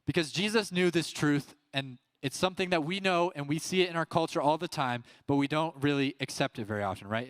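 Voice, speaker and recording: A man's voice: a little high, a little fast, few pauses, no room sound. Casual young man giving a youth sermon. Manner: casual, storytelling, acts out quoted voices. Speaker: youth pastor. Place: youth service room.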